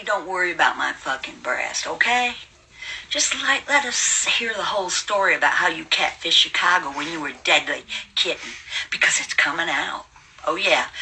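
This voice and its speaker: A woman's voice: low voice, sharp tone, a little hiss or hum, rough recording. A woman in her seventies, hosting a livestream and ranting at her viewers in a brash, taunting, profane way. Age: 70s. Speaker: livestream host. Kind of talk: casual livestream rant.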